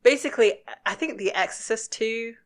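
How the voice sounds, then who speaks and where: A woman co-hosting a podcast, casually talking through a TV episode, relaxed and quick to giggle. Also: fairly high pitch. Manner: relaxed, giggly, thinks aloud. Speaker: podcast co-host. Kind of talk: casual chat about a TV episode.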